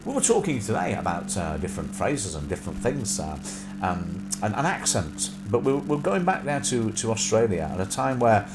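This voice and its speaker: A man in his thirties hosts a live stream in a loose, rambling chat. He fills his talk with ums and restarts, and his voice rises and falls a lot. Music plays clearly in the background. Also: fairly low pitch, very animated, moderate pace. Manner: rambling, many fillers and restarts, breaks into song.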